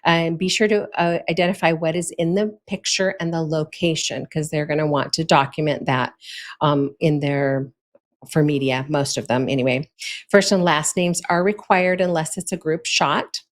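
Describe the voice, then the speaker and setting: A woman with a notably low-pitched voice talks through practical tips in a relaxed, conversational way. She sounds like a friendly host, chatty and informal, often dropping little fillers and soft laughs as she goes. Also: normal speed. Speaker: host giving advice to authors. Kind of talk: casual instructional talk.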